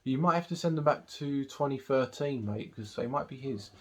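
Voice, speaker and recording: A man's voice: mid-range voice, normal speed, a little mellow. A man giving a casual movie review, recapping the plot in a rambling way with lots of ums and uhs. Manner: rambling recap with many fillers. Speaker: film reviewer.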